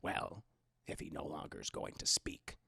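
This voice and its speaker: A man doing an impression of a gruff male bounty hunter in a low, growly voice. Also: sing-song, moderate pace, sharp tone, no room sound, studio quality, exaggerated voice. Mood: menacing. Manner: low growly menacing delivery.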